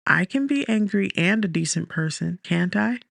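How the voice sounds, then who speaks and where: A man narrating a romance audiobook in the first person, measured and emotive. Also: high voice, lively intonation, gravelly, a bit bright, no echo, clean studio sound.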